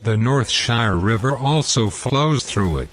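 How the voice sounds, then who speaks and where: A man narrating a game walkthrough, deliberately reading out lore and in-game quotes. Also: medium pitch, animated, a bit bright. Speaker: gameplay commentator.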